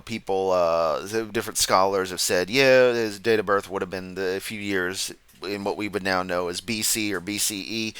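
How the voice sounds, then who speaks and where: A man's voice: fairly low pitch, pushed and bright, clear, resonant tone, no echo. Rambling man doing casual reaction commentary. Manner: rambling, goes off on tangents, laughs at his own jokes. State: sleepy, yawning.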